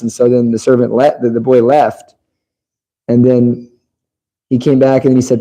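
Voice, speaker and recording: A man commenting after a scripture class, telling animated anecdotes full of quoted dialogue. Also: medium pitch, fast, low-quality recording. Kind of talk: anecdotal storytelling.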